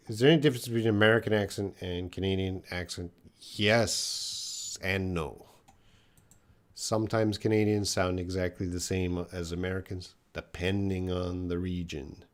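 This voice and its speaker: A man with a slightly low voice hosts a live English lesson, reading viewers' questions aloud one by one. He answers plainly and thinks out loud, hedging with fillers as he goes. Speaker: English teacher.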